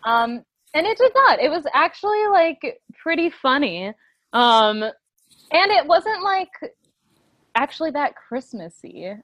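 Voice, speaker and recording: High-voiced woman in casual chat. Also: sing-song, slow, a bit bright, no echo. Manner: chatty, giggly, reads synopsis aloud. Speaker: podcast co-host. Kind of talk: casual movie review chat.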